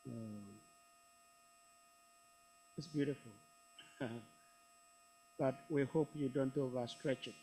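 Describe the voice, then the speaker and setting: A man's voice: medium pitch, very slow, long pauses, dark tone, low-quality recording. A man moderating an online scripture class, politely thanking the speaker and inviting questions. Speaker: session moderator. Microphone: video call.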